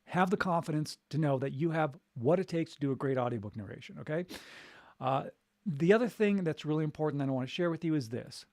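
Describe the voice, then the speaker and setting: A man's voice: on the high side, lively intonation, quick pace, a little mellow, dry recording, clean studio sound. A man who works as a voice coach, giving an upbeat, encouraging live talk and repeating his key points. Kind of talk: live motivational chat.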